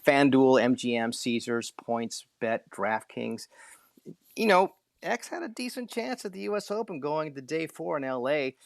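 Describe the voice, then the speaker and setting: A man's voice: medium pitch, lively intonation, measured pace, creaky, no room sound. Rambling, folksy male podcast co-host. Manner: rambling, with folksy joking asides. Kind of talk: casual sports chat.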